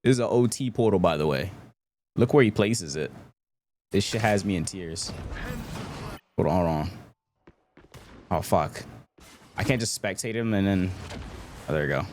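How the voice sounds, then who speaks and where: A man's voice: low-pitched, animated, moderate pace, long pauses, a little mellow, a little hiss or hum. A young man streaming a game and reviewing matches, ranting sarcastically and repeating himself.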